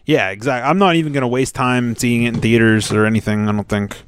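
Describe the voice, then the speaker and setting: Excitable cussing podcast host. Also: male voice, mid-range voice, fast, smooth, dry recording. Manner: excitable, swears freely. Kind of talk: casual chat.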